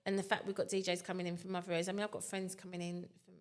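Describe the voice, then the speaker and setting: A woman's voice: lowish voice, flat delivery, racing. A woman chatting as a talk show guest, rambling and self-mocking. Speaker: guest, wellbeing group founder. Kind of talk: casual chat.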